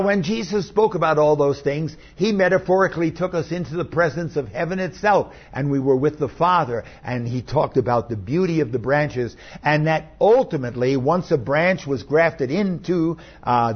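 A man's voice: a little high, slightly rough, muffled recording. A man preaching a sermon as pastor, explaining scripture verse by verse in an emphatic teaching manner.

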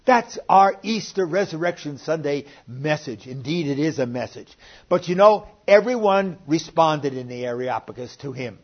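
An older man delivers a sermon in a plain, earnest way, his voice sitting a bit high for a man. He now and then swells louder to press a point. The recording is muffled and lo-fi. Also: lively intonation, normal speed. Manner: earnest, plainspoken preaching with sudden rises in loudness. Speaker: pastor. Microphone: online sermon recording.

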